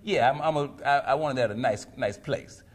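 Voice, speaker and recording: A man's voice: medium pitch, normal speed. A middle-aged man, a stand-up comedian, chatting casually as a guest and laughing through his stories. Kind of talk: casual interview chat.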